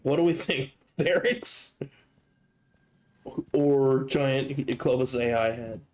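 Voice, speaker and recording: A man's voice: mid-range voice, slow pace, darkish tone. A young man hosting a gaming video, riffing in a rambling, profane, joking way. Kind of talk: casual comedic commentary.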